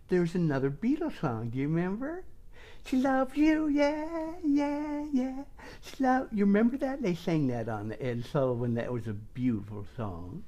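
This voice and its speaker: Woman, middle-aged, wellness host, chatty, rambling, lively swooping pitch, comic monologue. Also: husky. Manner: chatty, rambling, talks about herself in the third person.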